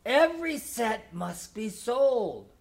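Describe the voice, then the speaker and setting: A man's voice: very high voice, sing-song, slow pace, pitched above the performer's own voice, full character voice. A man reading the lines of an eager, pleading young child.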